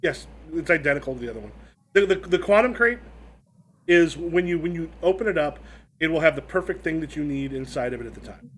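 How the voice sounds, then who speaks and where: Rambling man game master, higher voice. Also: lively intonation, fairly quick, a little hiss or hum. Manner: rambling, many restarts and fillers. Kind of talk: narrating a tabletop game.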